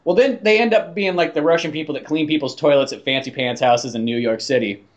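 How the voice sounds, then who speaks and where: A man's voice: a little high, quick pace. Rambling, foul-mouthed podcast guy. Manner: rambling, swears a lot, many "like" fillers. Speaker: podcast co-host. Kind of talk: casual chat.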